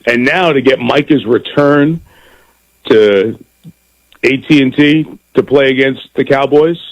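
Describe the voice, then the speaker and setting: Guesting on a radio interview, a middle-aged man who works as a football broadcaster chats energetically in a mid-range voice, often repeating words when beginning a thought. The recording is rough.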